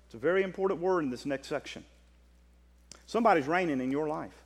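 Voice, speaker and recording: A man with a Southern US accent preaching a sermon, passionate, swinging from loud drawn-out declarations to quiet quick asides. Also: fairly high pitch, long reverb tail.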